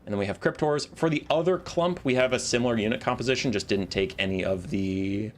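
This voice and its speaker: A man giving casual commentary on a strategy game, talking in animated, ranting bursts. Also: medium pitch, fast talker, a little hiss or hum. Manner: animated, ranting, exasperated outbursts. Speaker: game caster.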